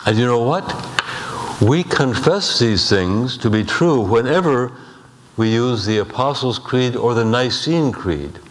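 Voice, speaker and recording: A male pastor delivers a sermon in a measured, deliberate way, leaning on rhetorical questions and slowing down to stress key points. His voice sits at an ordinary middle pitch. The sound carries a long reverb from a large sanctuary. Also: a little hiss or hum. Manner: measured preaching, slows for emphasis, rhetorical questions. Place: church sanctuary.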